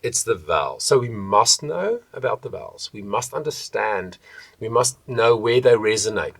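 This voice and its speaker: A male vocal coach teaches vocal technique to the camera, switching between soft and loud demonstrations. His voice is lowish and husky, recorded with no echo.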